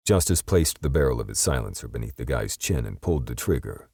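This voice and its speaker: A man's voice: rumbling low, expressive, fairly quick, vocal fry, hardly any pauses, mellow, dry recording, studio quality. A man narrating an audiobook in a dramatic, scripted way.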